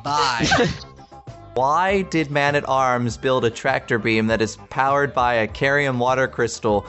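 A man's voice: mid-range voice, measured pace, sharp tone, faint music behind. A man co-hosting a podcast in casual chat, joking around and laughing often. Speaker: podcast co-host.

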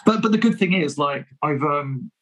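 A man's voice: fairly high pitch, expressive, normal speed, very noisy. A man telling a story in a casual interview, chatty and self-deprecating, laughing often and restarting his sentences. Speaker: fan filmmaker guest.

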